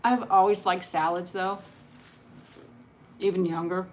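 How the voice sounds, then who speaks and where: A woman hosting a casual eat-and-chat livestream, talking softly and rambling, with frequent laughs. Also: fairly low pitch, fairly even intonation, measured pace. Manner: chatty, soft-spoken, rambling, laughs often. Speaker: mukbang channel host.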